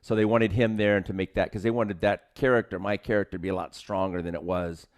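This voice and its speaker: A man's voice: fairly low pitch, fairly even intonation, brisk. A man co-hosting a martial arts podcast, telling film-set anecdotes in casual chat and acting out the quotes with laughter.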